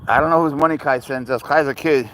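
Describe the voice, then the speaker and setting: A man's voice: on the high side, fast talker, fairly bright tone, low-quality recording. Man, casual live-stream host, outdoors, rambling, faint road noise. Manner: rambling, easygoing, baby-talks to his cat. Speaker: livestream host with his pet cat. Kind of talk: casual live-stream chat, answering viewers. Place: outdoors on a walk near a road.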